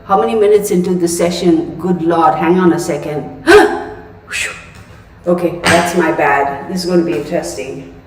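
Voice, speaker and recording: A woman's voice: lowish voice, fairly even intonation, moderate pace. A middle-aged woman hosting a tarot live stream, chatting casually and ranting through a story with frequent laughs. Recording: echoey room, voice from far off the mic.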